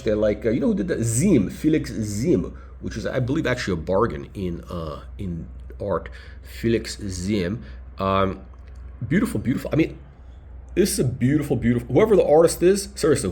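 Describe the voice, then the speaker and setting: A man with a medium-pitched, somewhat dark voice reviews a luxury watch casually and without a script. He rambles and speaks bluntly, often halting mid-sentence to find a word, full of hesitations and restarts.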